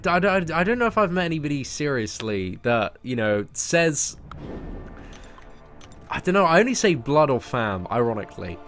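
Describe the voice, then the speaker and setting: A young man with a southern English accent chats loosely during a live stream, stumbling over restarts and dropping casual slang. His pitch swings up and down with plenty of life, and faint music plays behind him. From Surrey, southern England. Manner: rambling, stammering restarts, chatty slang. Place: parents' garden, outdoors.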